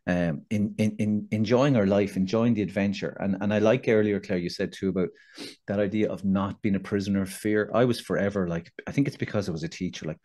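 A middle-aged man with an Irish accent hosts a relaxed podcast conversation. His voice sits fairly low, and he talks in a loose, self-deprecating way, often circling back and restarting his sentences. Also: brisk. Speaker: podcast host. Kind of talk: casual interview chat.

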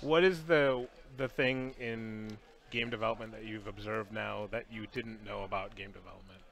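A man's voice: lowish voice, fairly even intonation, moderate pace, vocal fry, fairly bright tone. A man who works on a video game, chatting casually on a studio livestream, earnest and prone to restarting his sentences. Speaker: game developer co-host.

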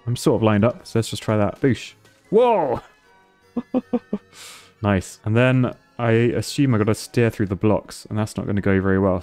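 A man's voice: fairly low pitch, darkish tone. A man commentating his gameplay on a stream, thinking aloud and laughing often.

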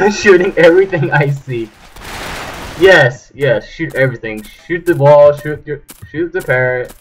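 A man's voice: fairly high pitch, measured pace, a little hiss or hum, rough recording. A young man hosting his gaming channel, chatting goofily over his gameplay and breaking into squealing yelps. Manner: goofy, jumps to sudden squealing yelps. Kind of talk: casual gameplay commentary. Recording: loud game gunfire behind. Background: shooter game gunfire and clicks.

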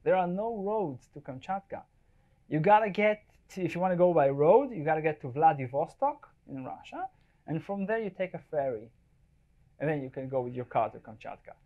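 Through tinny, narrow audio, a wildlife photographer speaks in a slightly high, expressive voice at a fairly quick pace. Presenting at a live event before an audience, he keeps things casual and jokey and keeps checking that the room is following.

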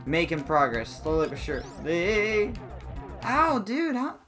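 This let's play commentator takes a slow pace, yet stays excitable and comically dramatic, popping into squeaky high-pitched outbursts while game music plays faintly behind him.

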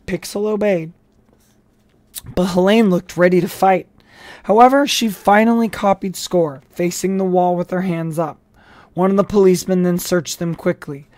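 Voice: medium pitch, steady tone, normal speed, a little mellow, dry recording. An audiobook reader narrating a novel with casual asides and small restarts. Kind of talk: storybook narration.

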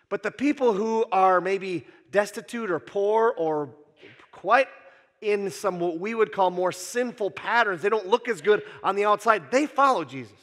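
A pastor with a high, fairly bright voice preaches a casual, joking sermon in a church sanctuary, using frequent "uh" fillers. A long church hall reverb carries his words.

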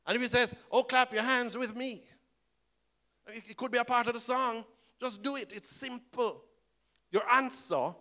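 A pastor preaches with emphatic repetition, often checking in with "right?". His voice sits high and rings bright and forceful. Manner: emphatic, repeats phrases, asks "right?". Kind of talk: sermon with storytelling.

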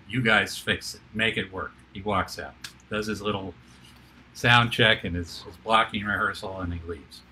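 Older male TV producer as guest; low-ish, very bright voice, lively storyteller. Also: a little hiss or hum. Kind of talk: animated anecdotal storytelling.

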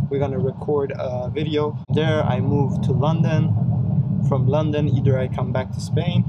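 A man in his twenties, an entrepreneur, talking to camera in a casual, upbeat vlog as he rushes around the city. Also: medium pitch. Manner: upbeat, self-motivating, talks on the move. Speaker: entrepreneur vlogger. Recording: loud street and car noise behind.

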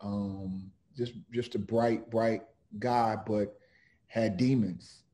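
A middle-aged man talks with a very dark, mellow tone and a slow, deliberate pace. He pauses and restarts often and sounds earnest as he reads a passage aloud. His voice sits low, as if heard over a video call. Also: fairly even intonation, slight background noise. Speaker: author and criminal defense lawyer. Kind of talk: reflective talk with read-aloud book passage.

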